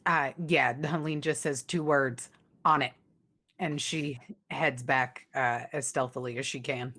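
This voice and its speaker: A woman playing a tabletop game who talks in a quick, upbeat way. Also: extremely low pitch, steady tone, a bit bright. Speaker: player. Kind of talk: casual tabletop play.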